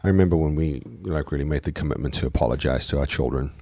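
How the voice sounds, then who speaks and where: A man's voice: extremely low pitch, fast talker, mellow, no room sound. A man co-hosting a parenting podcast, talking reflectively and joking, with frequent restarts. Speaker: podcast co-host. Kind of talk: casual podcast chat.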